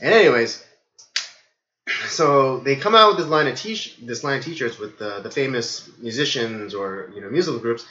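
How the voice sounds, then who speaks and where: Hoarse man, podcast host, rambling, bright tone, roomy room. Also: medium pitch, expressive, normal speed, highs cut off. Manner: rambling, many fillers. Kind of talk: casual livestream chat.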